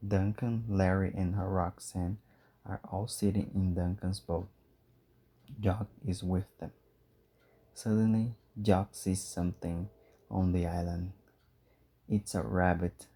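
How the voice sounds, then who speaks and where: A man narrating a simple storybook for learners in a clear, measured way. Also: low voice, flat delivery, mellow. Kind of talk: slow storybook reading for learners.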